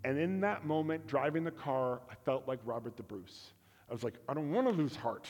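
A man preaches a storytelling sermon at middle pitch, candid and self-deprecating, acting out dialogue by slipping into voices for the people in his story. He's expressive at normal speed, slightly mellow, and the church sanctuary gives his words a long reverb.

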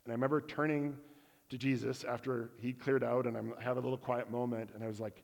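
A man preaching a storytelling sermon at a middle pitch, candid and self-mocking as he slips into voices for the people in his tale. His words carry the long reverb of a church sanctuary. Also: fast talker, vocal fry. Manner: candid, self-deprecating, acts out dialogue.

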